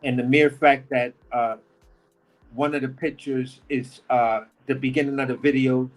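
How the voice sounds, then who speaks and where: A man's voice: mid-range voice, level tone, moderate pace, low-quality recording. A man, a podcast guest telling a rambling, slangy story in casual talk. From New York. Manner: slangy, rambling, talks with energy.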